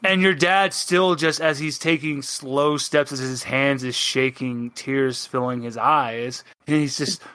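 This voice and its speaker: A man narrating a tabletop game as game master, animated and rambling, laughing as he goes. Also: mid-range voice, unhurried, hardly any pauses, clean tone, no echo.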